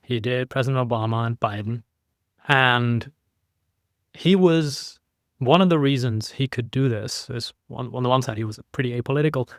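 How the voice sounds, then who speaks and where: Animated man guest, dry podcast sound. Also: mid-range voice, normal speed, dry recording. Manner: animated, demonstrates inflection by playing with his voice. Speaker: podcast guest, keynote speaker. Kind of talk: relaxed conversational podcast talk.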